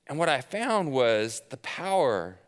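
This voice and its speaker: A man's voice: medium pitch, sing-song, slow pace. A man in his thirties preaching a sermon, casual and conversational, telling personal stories with self-deprecating humor. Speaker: pastor. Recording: long hall reverb.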